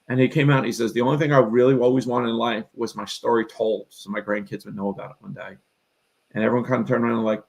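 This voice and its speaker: A man's voice: medium pitch, fairly even intonation, quick pace, creaky, poor audio. A middle-aged man telling a long personal story in a live interview, earnest and rambling, often acting out what he and others said. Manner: earnest, rambling, emphatic, quotes himself and others. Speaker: real estate investor and coach.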